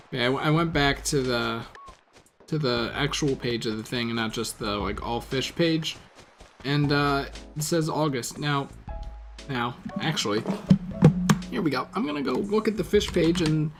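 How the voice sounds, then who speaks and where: Man, let's play commentator, unhurried and rambling, self-correcting with casual swearing, over clear game music. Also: a little high. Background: video game music.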